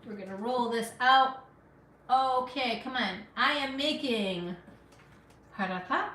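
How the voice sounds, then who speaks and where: This cooking livestreamer, a middle-aged Afghan woman without an accent, speaks slowly in a sharp, higher-than-average voice, chatting encouragingly to viewers while she cooks at home. She sniffles lightly from allergies. The mic sits far off in a reverberant room, with slight background noise.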